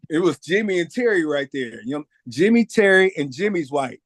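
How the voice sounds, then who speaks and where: A man's voice: a little high, fairly quick, hardly any pauses, no echo, clean studio sound. A middle-aged man, telling a story in a casual interview and acting out the voices of the people in it. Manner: animated, acts out quoted voices, says "man" a lot. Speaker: record producer guest.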